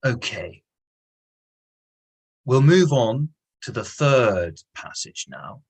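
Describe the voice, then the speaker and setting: A husky man of middle pitch teaches an English lesson online. He explains in stops and starts, repeating words, and slips into acted voices when he reads dialogue aloud. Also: expressive, very slow, poor audio.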